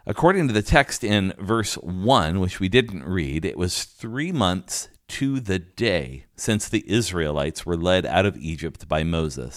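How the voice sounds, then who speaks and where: Male pastor, deep low voice, explanatory sermon delivery, dry close sound. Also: no room sound. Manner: teaching, explanatory, with restarts and fillers.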